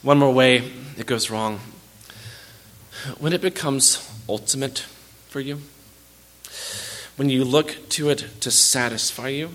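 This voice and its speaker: A man's voice: mid-range voice, slow, pauses often, fairly bright tone. A man preaching a sermon as pastor, earnest and direct, often repeating words as he restarts a phrase.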